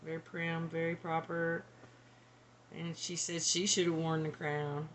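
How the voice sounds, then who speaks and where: A woman's voice: low-pitched, flat delivery, a little slow, slight background noise. A woman working as a psychic medium, relaying channeled messages in a hesitant, tentative way. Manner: hesitant, tentative, laughs between.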